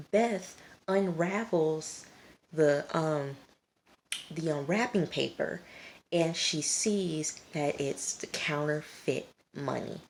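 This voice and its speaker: A woman's voice: low voice, slow, darkish tone, a little hiss or hum. A woman chatting straight to her viewers as she recaps a TV episode, scolding the characters as she goes. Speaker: TV episode reviewer. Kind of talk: casual episode recap to camera. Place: at home late at night.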